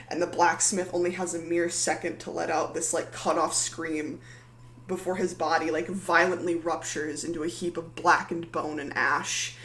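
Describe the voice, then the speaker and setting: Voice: medium pitch, a bit bright, a little hiss or hum. Rambling game master in a roomy room. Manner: rambling, filler-heavy narration. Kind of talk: narrating a tabletop game.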